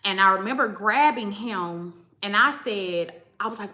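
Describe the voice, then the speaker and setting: A woman's voice: mid-range voice, measured pace, bright, forceful tone. A woman hosting a spiritual channel, telling a personal story in a chatty, emphatic way and speaking straight to her viewers. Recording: echoey room.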